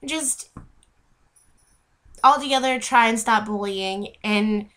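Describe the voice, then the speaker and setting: A woman's voice: on the high side, steady tone, moderate pace, sharp tone. A young woman, a vlogger, ranting heatedly and rambling to camera, often breaking off mid-sentence and apologizing for repeating herself. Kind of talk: unscripted rant to camera.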